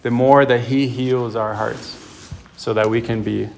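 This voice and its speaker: A man's voice: mid-range voice, fairly even intonation, unhurried, vocal fry, a little mellow, slight background noise. Man preaching a storytelling sermon. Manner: storytelling, emphatic retelling of a film. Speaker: priest.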